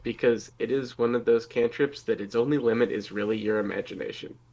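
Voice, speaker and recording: A man's voice: medium pitch, fairly quick, a little mellow, a little hiss or hum. A man co-hosting a casual tabletop game podcast, easygoing and agreeable. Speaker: podcast co-host. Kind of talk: casual chat about tabletop game spells.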